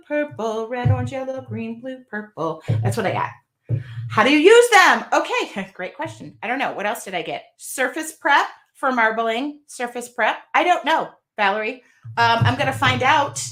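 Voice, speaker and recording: A woman's voice: a little high, a bit bright. A woman hosting a casual live unboxing from her art studio, chatty and rambling as she reads out viewer comments. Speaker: craft video host.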